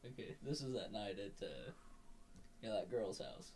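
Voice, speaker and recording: Laid-back young man, low voice. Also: sing-song, moderate pace, a little mellow, slight background noise, poor audio. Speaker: guest. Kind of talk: casual storytelling chat.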